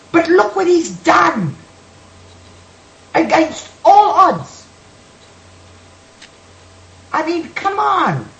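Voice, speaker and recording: A woman's voice: sits high, roomy sound, poor audio. A woman on a radio panel, talking emphatically and sassily, calling people sweetheart and darling. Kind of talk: heated radio panel talk.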